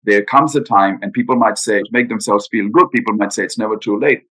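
A man's voice: on the low side, fairly quick, a bit bright, rough recording. A man talking in an interview about retirement planning, earnest and emphatic, with frequent rhetorical questions. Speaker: guest financial adviser. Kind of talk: podcast interview.

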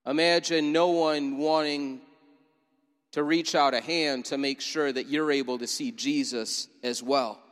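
A fairly high-voiced man preaches a sermon, painting a scene and inviting the congregation to imagine themselves in it. His voice rings out with a long reverb through a church sanctuary. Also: steady tone, a little slow, a bit bright, smooth. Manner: vivid storytelling, inviting listeners to imagine. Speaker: pastor.

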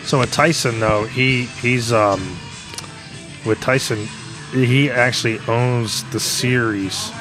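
A man co-hosting a casual podcast from a pub booth, rambling through stories and quoting people in animated voices. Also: medium pitch, takes it slowly, over music. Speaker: podcast co-host. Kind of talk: casual chat.

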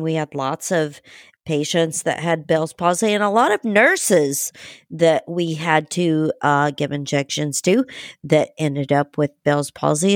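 Slow-talking nurse guest, dry sound. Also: female voice, sits low, dry recording. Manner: slow, deliberate explaining. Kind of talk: casual chat.

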